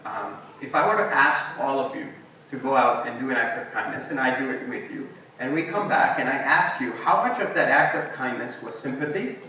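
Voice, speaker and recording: A man giving a relaxed, anecdotal keynote talk to an audience, telling stories with frequent ums and asides. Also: mid-range voice, brisk. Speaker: invited guest speaker. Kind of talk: conversational storytelling keynote talk. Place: large echoing university hall. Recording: echoey hall, distant mic, faint noise.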